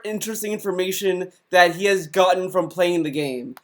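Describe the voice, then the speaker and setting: A man comments casually on a video he is watching and does not hold back his criticism. His voice sits fairly high and his talk is loose and exasperated, with the occasional curse word. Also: normal speed. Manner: blunt, exasperated critique with profanity.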